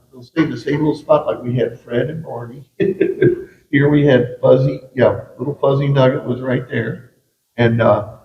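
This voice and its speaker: A man's voice: mid-range voice, vocal fry. A middle-aged man guiding a boat tour through a flooded mine, telling jokes and stories and often calling the group "guys". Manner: joking storyteller, keeps addressing the group as "guys". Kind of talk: guided tour talk. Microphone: camera of a visitor on the boat, some distance off. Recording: echoey cave, distant, dull, noisy.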